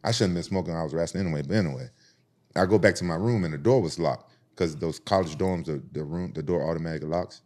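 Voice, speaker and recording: A man's voice: low-pitched, fast talker, a little mellow. A man from Memphis, telling stories casually and profanely on a podcast, acting out the other people's voices. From Memphis, United States. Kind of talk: casual storytelling.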